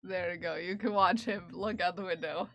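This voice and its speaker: A woman's voice: fairly low pitch, steady tone, moderate pace, fairly bright tone, no echo. A woman chatting casually on a livestream while knitting, laughing often and talking fondly to her cat. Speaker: streamer.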